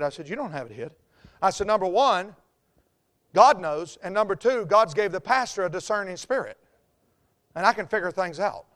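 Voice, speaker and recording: High-voiced Southern preacher joking from the pulpit. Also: male voice, expressive, normal speed. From American South. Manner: folksy, joking, dramatic swings in loudness. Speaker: pastor. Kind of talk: sermon.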